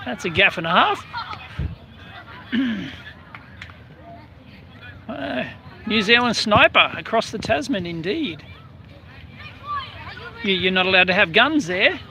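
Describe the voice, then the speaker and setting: A man's voice: high-pitched, lively intonation, slow pace, vocal fry, long pauses, bright, forceful tone, some chatter behind, a little hiss or hum. An Australian man hosting a casual outdoor live stream, chatting and greeting viewers by name in a rambling way. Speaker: livestream host.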